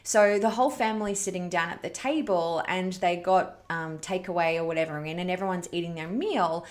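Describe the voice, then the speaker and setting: A woman's voice: lowish voice, a little fast. Earnest woman hosting a parenting chat. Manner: earnest, heartfelt, conversational. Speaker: host of a parenting challenge. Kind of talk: casual storytelling to an online audience.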